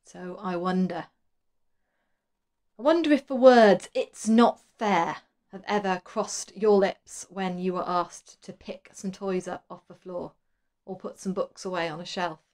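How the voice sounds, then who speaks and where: A woman leading a school worship, asking children gentle questions. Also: on the low side, unhurried. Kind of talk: children's collective worship talk.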